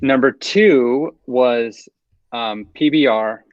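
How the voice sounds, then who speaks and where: A man guesting on a podcast who speaks with a New Jersey accent at a middling pitch. His talk is loose and halting, with lots of fillers along the way. The recording is dry and a bit dull, with the top end rolled off. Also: no room sound. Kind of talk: casual chat.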